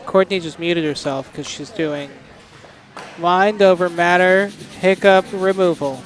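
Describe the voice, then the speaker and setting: A man's voice: high voice, measured pace. A man doing casual live curling commentary with a dry, teasing sense of humor.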